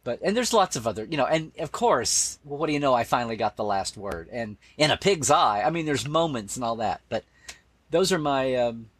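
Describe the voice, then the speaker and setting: A man with a husky, sing-song, medium-pitched voice talks fairly quickly, with no room sound. He's a Star Trek expert appearing as a guest in an interview, speaking casually and enthusiastically, often quoting favorite lines and restarting sentences.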